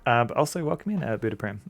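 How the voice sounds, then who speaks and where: A man's voice: medium pitch, lively intonation, brisk, creaky, no echo. A man streaming an old computer game, rambling casually, chuckling and greeting chat.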